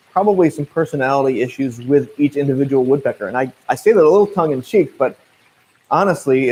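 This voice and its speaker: A man's voice: mid-range voice, husky, poor audio. Casual, chatty Midwestern man explaining birds. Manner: relaxed, chatty, with frequent fillers and restarts. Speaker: naturalist guide. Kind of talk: casual livestream Q&A.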